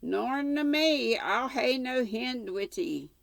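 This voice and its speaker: A woman voicing a sour-faced, grumpy old male farm servant, stumbling through his rough dialect. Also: sits high, expressive, slow, no room sound, pitched above the performer's own voice, heavily acted. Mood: grumbling.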